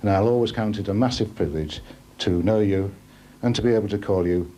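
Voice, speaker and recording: A man giving an earnest, measured tribute speech at a dinner. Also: lowish voice, warm tone, slight background noise. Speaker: tribute speaker.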